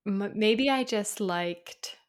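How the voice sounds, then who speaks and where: A woman's voice: medium pitch, slow pace. A woman chatting casually about a movie, agreeing and hesitating with fillers. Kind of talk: casual podcast chat.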